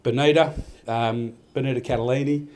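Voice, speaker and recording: A man's voice: mid-range voice, fairly even intonation, moderate pace, darkish tone. Older Australian man, rambling heartfelt speech. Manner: rambling, heartfelt storytelling with many restarts. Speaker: event organiser giving a speech. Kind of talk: live awards speech. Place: event hall.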